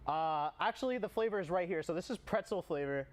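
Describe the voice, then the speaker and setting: A man's voice: high voice, lively intonation, fairly quick. A man streamer giving a casual, rambling sponsored fan testimonial, peppered with "you know" asides and talking while eating a snack.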